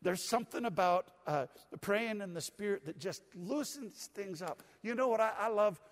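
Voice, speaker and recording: A man's voice: high-pitched, normal speed, long reverb tail. An older man preaching a sermon to his congregation in a folksy, conversational way with touches of humor. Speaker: pastor. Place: church sanctuary.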